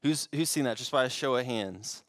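A young man preaching a sermon to a congregation in a relaxed, conversational way, often restarting his phrases. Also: medium pitch, normal speed, no room sound. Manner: conversational with frequent restarts and fillers. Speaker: pastor.

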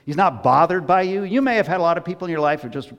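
A male pastor giving a conversational sermon that swings between hushed asides and emphatic bursts. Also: on the high side, lively intonation, fast talker, big-room sound, dull audio.

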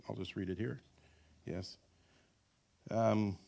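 A man's voice: mid-range voice, normal speed. A middle-aged man preaching a sermon as pastor. He asks the congregation rhetorical questions and slips in joking asides about married life.

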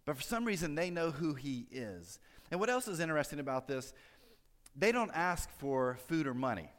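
A man's voice: fairly high pitch, sing-song, moderate pace, a bit bright. A man preaching a sermon in a church, explaining scripture in a conversational way, with fillers and joking asides. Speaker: pastor. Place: church sanctuary. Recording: long hall reverb.

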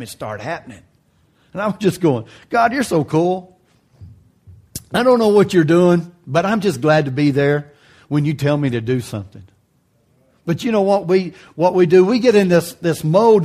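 A man pastor preaching a sermon in a folksy, joking way, his voice jumping high for emphasis. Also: darkish tone.

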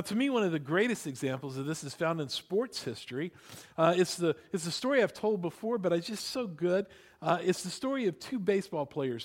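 A man preaching a sermon, telling stories with lively acted-out quotes and emphatic repetition. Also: sits high. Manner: animated storytelling, acting out quotes. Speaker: pastor.

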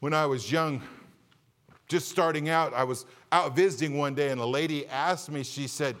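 A man's voice: a little high, moderate pace, fairly bright tone, big-room sound. A man preaching a sermon as a Baptist pastor, impassioned, asking the congregation rhetorical questions and building to emphatic peaks.

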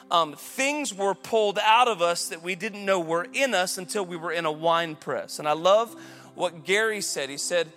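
A man pastor preaching a lively sermon, building to loud emphatic peaks. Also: high voice.

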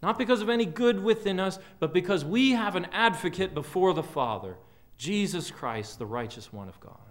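A man preaching a sermon as a pastor in a church, earnest and often dropping quiet at the ends of phrases. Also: sits high, animated, normal speed. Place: church sanctuary.

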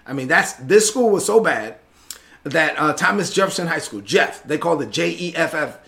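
Gravelly, bright-voiced male storyteller. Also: a little high, normal speed. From Brooklyn, New York and the Dominican Republic. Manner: animated storyteller, often asks "right?". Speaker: preacher sharing testimony. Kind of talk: personal testimony storytelling.

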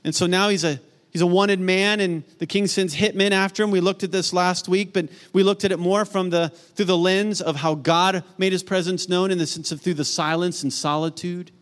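A middle-aged man preaching a sermon, earnest, swinging from emphatic peaks to soft, hushed storytelling. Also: sits high, steady tone, normal speed, hardly any pauses. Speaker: pastor.

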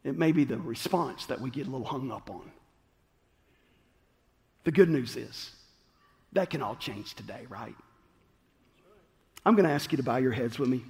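A man preaching a sermon, moving between shouts and hushed, slow moments. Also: medium pitch, vocal fry. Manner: animated call-and-response preaching, swings from shouting to hushed. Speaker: pastor. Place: church sanctuary. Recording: long reverb of a large hall.

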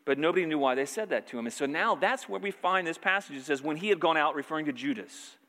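A man's voice: a little high, bright, forceful tone, big-room sound. A male pastor preaching a sermon, retelling scripture scenes earnestly and quoting the lines as he goes.

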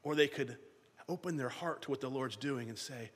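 A man preaching a sermon as pastor, swinging between loud emphasis and hushed, quiet lines. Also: medium pitch, normal speed, husky. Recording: long reverb of a large hall.

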